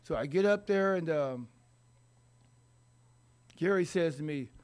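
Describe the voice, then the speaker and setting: A man's voice: a little high, lively intonation, darkish tone, smooth. Rambling man telling a wry life story. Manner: rambling, halting, with wry humor. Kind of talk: personal recovery story told to an audience.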